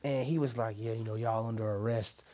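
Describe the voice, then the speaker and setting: A young man telling a story in casual chat, animated, laughing and acting out what people said. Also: on the low side, fairly quick. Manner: animated, laughing, acts out quotes.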